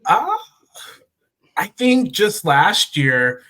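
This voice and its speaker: A man's voice: high-pitched, big pitch swings, very slow, pushed and bright, poor audio. A man co-hosting a podcast, recapping a game round in a playful, self-deprecating way. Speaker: podcast co-host. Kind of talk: casual chat.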